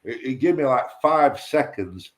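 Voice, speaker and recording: Man for a livestream chat, tells a rambling, profane story, restarts often, average pitch. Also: expressive, unhurried. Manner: rambling, sweary, repeats himself and stumbles on words. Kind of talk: casual storytelling.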